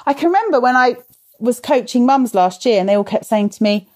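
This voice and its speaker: A woman's voice: on the high side, animated, a little fast. Chatty woman hosting a parenting workshop. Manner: chatty and warm, laughs and sighs, talks to viewers by name. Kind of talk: live-stream workshop talk, reading viewer comments.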